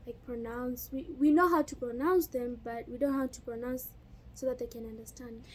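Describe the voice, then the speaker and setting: Woman, casual co-host, short prompts, high and husky. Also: fairly even intonation, fairly quick, poor audio. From Kenya. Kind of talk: casual chat.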